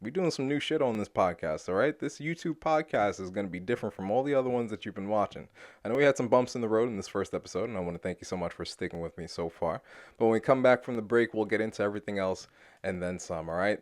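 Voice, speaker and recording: Low-voiced man hosting a casual podcast. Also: fast, no room sound, studio quality. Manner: loose and profane, with frequent restarts and asides to listeners. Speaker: podcast host. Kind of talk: casual solo podcast monologue.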